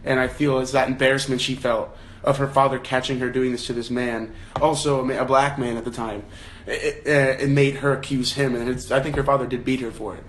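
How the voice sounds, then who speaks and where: A man's voice: medium pitch, level tone, brisk, a little hiss or hum. A young man hosting a casual livestream book chat, thinking aloud with frequent restarts and questions to his viewers. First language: English. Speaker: livestream host leading a book discussion.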